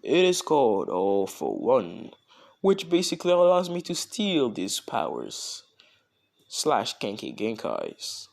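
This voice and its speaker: A powerful male villain, courteous and scheming, speaking formally in a slow, measured way, voiced by a man narrating a fan story. His pitch sits in an ordinary middle register. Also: wildly swooping pitch, vocal fry, a little mellow, full character voice. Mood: explaining. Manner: formal, polite speech.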